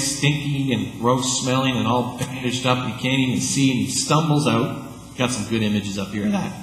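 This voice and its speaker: A man preaching a sermon, swinging between loud calls and hushed asides. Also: medium pitch, slight background noise. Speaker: pastor. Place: church sanctuary. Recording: echoey church hall.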